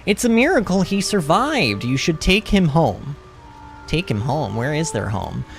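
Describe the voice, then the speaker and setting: A man's voice: a little high, very animated, measured pace, gravelly, soft background music. A man casually chatting as he streams a game, reading chat aloud and laughing often. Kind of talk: casual gaming commentary.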